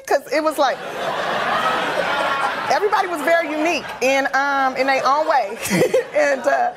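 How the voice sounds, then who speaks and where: A woman guest telling comic stories from her life, animated and laughing, acting out the people in them. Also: high voice, a little fast, background noise. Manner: animated, laughing, acts out other voices. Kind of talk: comic storytelling in conversation.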